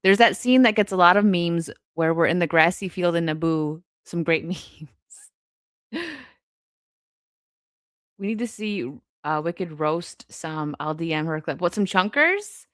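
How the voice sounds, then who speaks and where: A young woman hosting a live stream, reading chat and chatting casually, laughing often with quick asides. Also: lowish voice, expressive, fairly bright tone, no room sound, clean studio sound.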